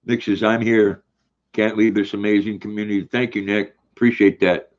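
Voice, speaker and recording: Older man, low voice, folksy, live chat host, dull lo-fi sound. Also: level tone, normal speed. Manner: folksy, repeats words while reading chat aloud. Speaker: livestream host. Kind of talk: casual livestream chat, reading comments. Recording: dull lo-fi stream audio.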